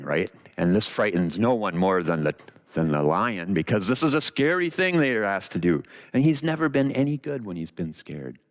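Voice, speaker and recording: A man preaching a sermon, retelling a story with dramatic pauses and expressive delivery. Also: sits low.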